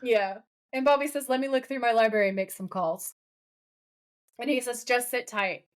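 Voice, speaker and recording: A woman co-host with a somewhat high voice chats casually about an episode. She talks animatedly, often laughing and slipping into playful impressions of the characters she quotes. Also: normal speed. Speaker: podcast co-host recapping episodes. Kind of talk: casual chat.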